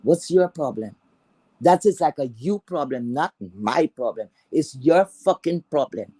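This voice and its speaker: A woman's voice: on the low side, a little mellow, breathy edge, no room sound, rough recording. A woman with a Caribbean accent ranting to her viewers in a scornful, profane way, repeating words for emphasis. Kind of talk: angry rant to viewers.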